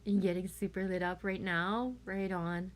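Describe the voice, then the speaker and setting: A woman's voice: mid-range voice, little pitch movement, moderate pace, slight background noise. Chatty, gushing woman on a livestream. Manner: gushing, chatty, reads viewer comments aloud. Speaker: livestream host. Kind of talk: casual livestream chat.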